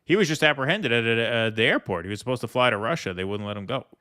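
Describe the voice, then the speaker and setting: Give me an animated man co-hosting a casual political chat, with a dry close sound. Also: medium pitch, fast talker, dry recording. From United States. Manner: animated, emphatic, often agreeing. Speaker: co-host of a political stream.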